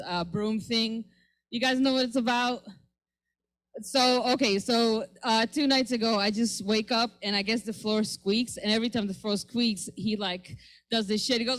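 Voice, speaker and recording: A woman's voice: a little high, a bit bright, low-quality recording. A young woman from Israel, doing a brash, profane stand-up set on a comedy lounge stage. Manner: brash, profane, acts out voices.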